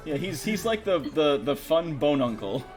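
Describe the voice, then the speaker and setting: A man's voice: on the high side, very animated, moderate pace. A man runs a tabletop game in a casual, meandering way, stopping often on fillers. His voice swings up and down with animation. Faint music plays behind him. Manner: casual and rambling, full of fillers. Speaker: game master.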